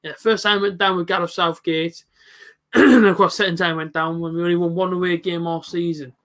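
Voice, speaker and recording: A man's voice: high-pitched, steady tone, normal speed, a bit bright. A man in his late twenties hosting a live football reaction stream, chatting casually and answering viewers by name. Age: late 20s. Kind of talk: casual live commentary reading chat.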